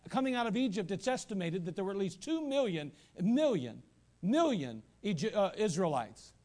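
A male pastor preaching a sermon in a church, animated, with asides and repeated phrases. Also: high-pitched, moderate pace. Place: church sanctuary.

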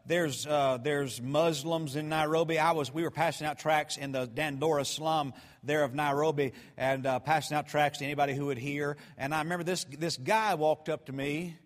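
High-pitched male preacher, fervent and storytelling, in a reverberant hall. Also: steady tone, moderate pace, few pauses. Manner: fervent, storytelling, swings from hushed to shouting. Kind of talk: sermon.

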